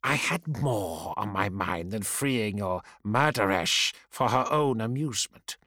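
A man voicing a weary, proud male sorcerer who speaks in a slow, clipped, bitter way. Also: on the low side, expressive, sharp tone, no echo, clean studio sound.

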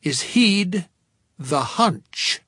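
A man voicing an earnest psychology professor who lectures slowly and with emphasis, in an audiobook. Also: sits high, animated, fairly bright tone, husky, dry recording, pitched above the performer's own voice, exaggerated voice. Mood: emphatic. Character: earnest middle-aged male psychology professor.

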